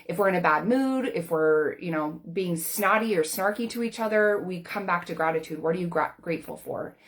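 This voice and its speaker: A woman in her forties with a slightly low voice shares a personal story to camera. She coaches people for a living and speaks in an earnest, candid, conversational way, full of casual fillers. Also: a little fast. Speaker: life coach.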